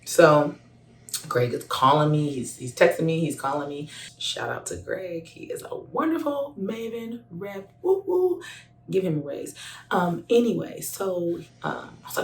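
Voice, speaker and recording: A woman in her thirties, a hairstylist, telling a personal story to camera in a casual, animated way. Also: deep voice, normal speed, slight background noise. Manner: animated, acts out both sides of a phone call. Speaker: hairstylist sharing a testimonial. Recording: echoey room, voice a bit far from the mic.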